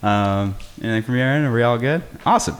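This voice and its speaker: A man's voice: mid-range voice, fast. A man hosting a casual podcast interview, enthusiastic and full of praise, with lots of filler words. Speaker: podcast host.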